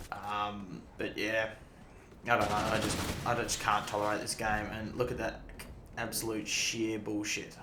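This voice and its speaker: A man's voice: fairly low pitch, noisy background. A young man doing casual gameplay commentary, rambling through stories and swearing freely. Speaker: gaming YouTuber. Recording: echoey room, loud game gunfire. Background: loud game audio with gunfire.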